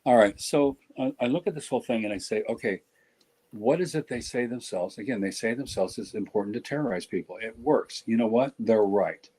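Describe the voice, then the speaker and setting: A middle-aged man with a low, slightly husky voice talks on a podcast. He is blunt and joking, and he often stops and restarts his sentences. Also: brisk, few pauses, mellow, rough recording. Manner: blunt, joking, self-interrupting. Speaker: podcast guest speaker. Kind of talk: casual podcast discussion.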